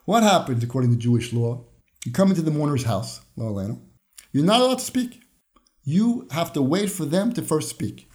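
A man's voice: on the high side, very animated, fairly quick, darkish tone. A man hosting a podcast, giving a conversational Torah lesson with everyday examples and the odd chuckle. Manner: explains with everyday examples and acts out short dialogues; chuckles now and then. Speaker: podcast host and Torah teacher.

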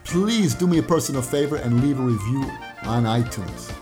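A man's voice: mid-range voice, animated, moderate pace, over music. A man hosting a weekly Torah podcast, earnestly explaining lessons through retold stories and scripture. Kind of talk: weekly religious teaching podcast.

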